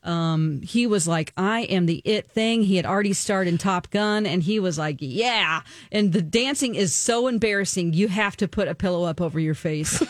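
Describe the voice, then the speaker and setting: A woman chatting casually as she recaps a movie plot, animated and full of ums, acting out the characters. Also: fairly low pitch, moderate pace, few pauses, a little hiss or hum.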